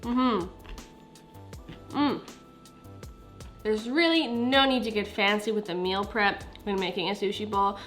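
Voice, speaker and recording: A woman's voice: mid-range voice, normal speed, hardly any pauses, fairly bright tone. A young woman giving a chatty, laid-back cooking voiceover for her vlog, often saying "like". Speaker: cooking vlogger. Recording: faint music behind.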